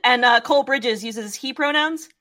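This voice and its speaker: A woman running a tabletop game as game master, narrating slowly with hesitant fillers. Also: on the high side, fairly bright tone.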